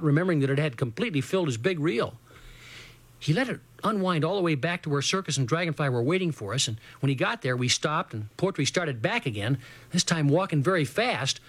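Guy reading a kids adventure story, kinda high voice, dry sound. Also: expressive, a little fast, a bit bright, dry recording.

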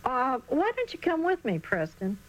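A woman's voice: sits high, huge pitch swings, moderate pace, voice pushed up, low-quality recording. A woman voicing an earnest, eager young boy in a children's storybook reading.

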